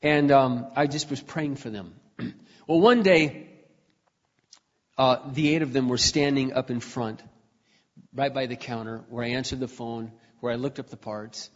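A man shares a personal testimony from the pulpit in a conversational, storytelling style, clearing his throat often. His medium-pitched voice is a little slow with frequent pauses, and the recording sounds dull in a reverberant hall.

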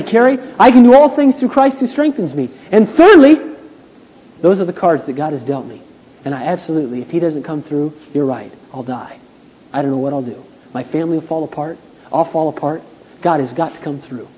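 High-voiced pastor on a dull old hall tape. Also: male voice, a little fast, a little hiss or hum. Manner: storytelling, acts out quotes in a high excited voice. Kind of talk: sermon. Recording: dull 1980s church tape in a reverberant hall.

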